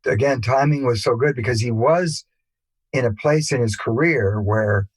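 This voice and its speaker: An older man, a musician guest, telling rambling anecdotes in a relaxed interview, with many fillers and restarts. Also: mid-range voice, moderate pace, husky, no room sound, rough recording. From England.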